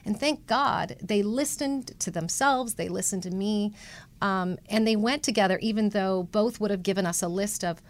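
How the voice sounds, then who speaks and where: A woman's voice: medium pitch, moderate pace. A middle-aged woman, a matchmaker guest, telling a story with feeling and acting out the people she quotes. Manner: animated, emotional storyteller acting out quoted voices. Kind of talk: conversational storytelling interview.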